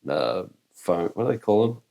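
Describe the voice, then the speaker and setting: A man chatting casually on a podcast. His voice sits on the low side, and he rambles with many restarts and laughs easily. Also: sing-song, normal speed, vocal fry, dark tone. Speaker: podcast co-host. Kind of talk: casual chat.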